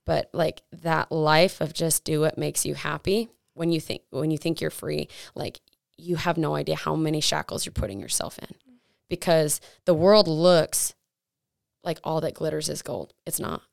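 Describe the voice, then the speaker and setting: Young woman co-host, low and gravelly, earnest testimony, dry sound. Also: normal speed, dry recording. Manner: earnest testimony, many likes and restarts. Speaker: podcast co-host. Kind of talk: faith podcast chat.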